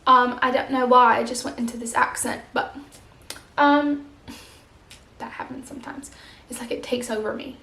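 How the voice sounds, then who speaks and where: A woman's voice: fairly high pitch, steady tone, moderate pace, vocal fry, pauses often, pushed and bright, reverberant. A young woman vlogging a casual monthly book wrap-up, chatty and gushing, with lots of fillers.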